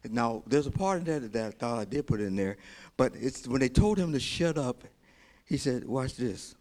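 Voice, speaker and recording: A man preaching a sermon as pastor, repeating short exhortations and building into loud, excited storytelling. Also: mid-range voice, normal speed, pauses often. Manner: emphatic, repeats key phrases as exhortation.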